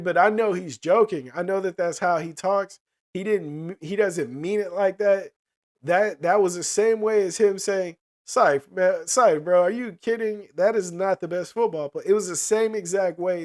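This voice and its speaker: A man streaming to his chat in casual, profane slang, often checking in with "you know what I mean". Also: fairly high pitch.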